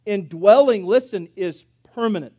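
Pastor guy preaching, highish voice, goes from quiet asides to loud fired-up bits. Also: normal speed. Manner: swings from soft asides to loud emphatic preaching. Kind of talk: sermon.

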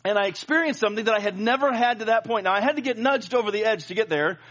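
A middle-aged male pastor preaching a sermon, telling a story with animated, jokey asides to the congregation. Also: sits high, quick pace. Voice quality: plenty of filler and restarts, jokey.

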